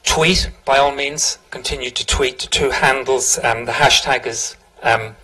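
A man's voice: mid-range voice, steady tone, a little slow, sharp tone, husky, low-quality recording. A man hosting a public talk, giving housekeeping notes and an informal, chatty introduction. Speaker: event host. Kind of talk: event introduction.

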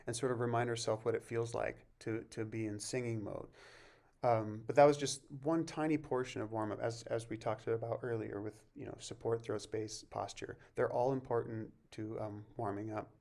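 A man teaching a vocal masterclass, explaining warm-ups and breathing in a relaxed way and breaking off to sing short examples. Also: medium pitch, gravelly. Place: music camp masterclass recording.

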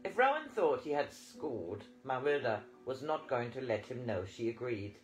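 Male audiobook narrator, lively pitch, reading a novel, faint guitar behind. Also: moderate pace, few pauses, rough recording. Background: faint guitar music.

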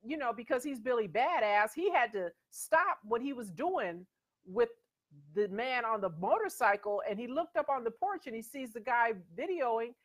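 A woman's voice: on the high side, animated, normal speed. A middle-aged woman hosting her own show, talking casually and emphatically as she tells stories. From USA. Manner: conversational and emphatic, storytelling with quoted voices. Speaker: host. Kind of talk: casual commentary.

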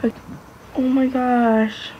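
A woman's voice: high-pitched, flat delivery, slow, warm tone, muffled recording, a little hiss or hum. A young woman vlogging casually, gushing and exclaiming, sometimes dropping to a whisper. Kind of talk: casual reaction vlog.

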